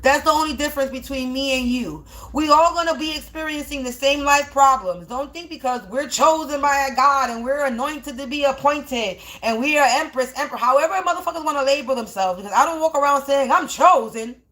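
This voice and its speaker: Fairly high-voiced woman hosting her own live stream, swearing and rambling at her critics. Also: fairly quick, few pauses, fairly bright tone. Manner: profane, confrontational, rambling. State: dry mouth while smoking. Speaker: spiritual reader streaming live. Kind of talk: ranting live-stream monologue.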